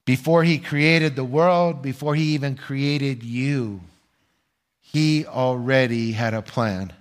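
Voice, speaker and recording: An older man preaching a sermon as pastor, earnest and measured, asking his listeners rhetorical questions and pausing for answers. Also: medium pitch.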